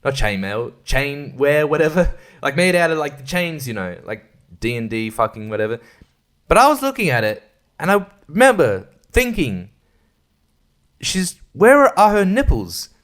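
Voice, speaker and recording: A man's voice: medium pitch, very animated, moderate pace, a bit bright. A man hosting a casual solo podcast, rambling and crude, swearing and laughing often. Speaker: podcast host.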